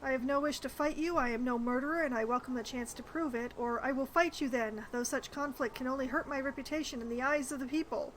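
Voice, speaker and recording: A woman's voice: high-pitched, quick pace, hardly any pauses, fairly bright tone, a little hiss or hum, low-quality recording. A woman streaming a role-playing game, reading the dialogue aloud and adding wry, chatty asides. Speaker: gamer streaming a playthrough.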